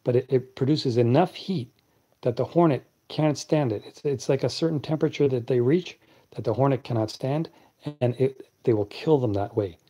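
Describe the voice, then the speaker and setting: Late at night on a live stream, a man casually chats and answers comments from viewers. He speaks in a deep, clear, mellow voice at a moderate pace.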